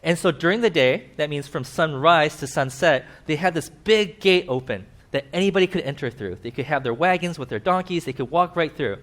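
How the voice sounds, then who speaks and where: Male pastor, fairly high voice, preaching a sermon, animated, playing out the quoted characters. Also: a little fast, hardly any pauses. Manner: animated, acts out quoted characters with sudden pitch jumps. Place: church.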